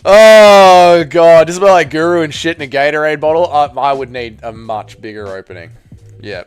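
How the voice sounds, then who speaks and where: A man's voice: medium pitch, fast talker, clear, resonant tone, dry recording, faint music behind. A man hosting a live fight watch-along stream, bantering with his chat in a casual, profane way.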